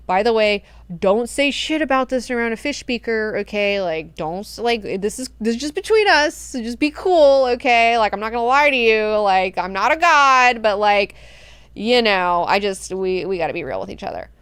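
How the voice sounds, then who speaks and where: A woman's voice: a little high, expressive, moderate pace, a bit bright, clear, resonant tone, dry recording. A woman voicing a male god-emperor in a book recap, talking in a blunt, slangy, profane way. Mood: confiding.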